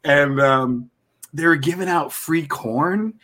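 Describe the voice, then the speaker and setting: A man trades stories as a comedian guest on a podcast, animated and often laughing as he talks. His voice sits a little high with a bright, forceful edge. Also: slow. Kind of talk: storytelling in a podcast interview.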